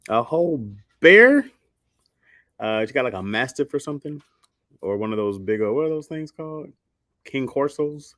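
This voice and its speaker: A man's voice: mid-range voice, expressive, moderate pace, long pauses, a bit bright, no echo, clean studio sound. A man hosting a livestream, chatting casually with viewers, rambling and slangy, laughing a lot. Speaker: livestream host.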